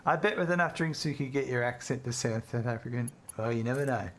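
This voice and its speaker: A man's voice: mid-range voice, fast, fairly bright tone, slight background noise. Chatty man streaming a game. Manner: chatty, laughs easily, reads chat aloud. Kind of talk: casual gameplay chat with viewers.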